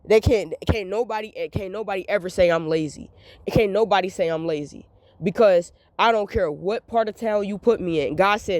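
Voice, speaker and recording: A woman's voice: medium pitch, normal speed, a little mellow, no echo. Young woman venting to her viewers, says everything twice, pretty emphatic, dry room. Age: young adult. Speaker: vlogger. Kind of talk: candid monologue to camera.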